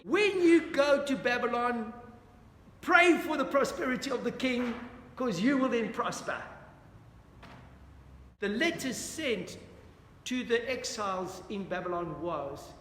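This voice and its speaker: A man leads a Bible study lesson in an extremely high, expressive, slightly bright voice, speaking unhurriedly and earnestly. He puts questions to his listeners and keeps repeating "dear friends." The recording is in an echoey hall with long reverb, faint ambience, and a little hiss or hum.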